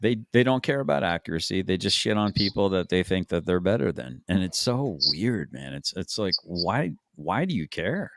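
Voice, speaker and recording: A man's voice: deep voice, sing-song, normal speed, few pauses, no room sound. A man hosting a stream, giving crude, mocking, rambling reaction commentary. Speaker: stream host.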